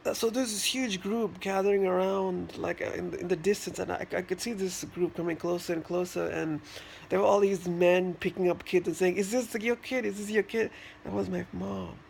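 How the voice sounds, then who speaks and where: A man in a casual vlog, telling a childhood story in a halting, rambling way, with many restarts and fillers. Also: high voice, little pitch movement, vocal fry, darkish tone, a little hiss or hum. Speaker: vlogger.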